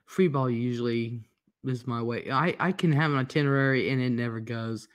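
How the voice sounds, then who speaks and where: A man's voice: medium pitch, moderate pace. A man hosting a casual livestream, greeting chatters by name and reading their comments out in a laid-back, rambling way. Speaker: livestream host. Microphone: headphones and computer mic.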